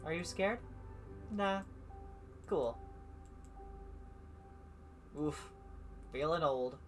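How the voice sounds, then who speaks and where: A man streams a story game and reads all of its dialogue and narration out loud, pitched a little higher than most men. He stumbles over words from time to time and stops to comment on his own slips. Quiet music from the game plays behind him. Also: expressive, very slow. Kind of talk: reading a visual novel aloud on a live stream.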